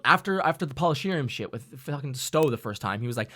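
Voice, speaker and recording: A man hosting a casual podcast chat about running a tabletop game, excitable and animated, often acting out quotes. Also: mid-range voice, fast talker, hardly any pauses. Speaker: dungeon master and podcast host.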